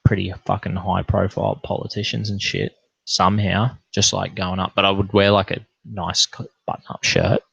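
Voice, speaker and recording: A low, gravelly voice from a young Australian man who rambles through a late-night livestream, laid-back and swearing freely. The sound is dry and close, with a dull, lo-fi stream quality. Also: level tone, normal speed, fairly bright tone, no echo.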